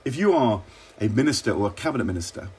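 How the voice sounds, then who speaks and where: A middle-aged man from England, a former minister, telling wry, measured stories in an interview. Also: medium pitch, animated, darkish tone, breathy edge. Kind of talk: relaxed interview anecdotes.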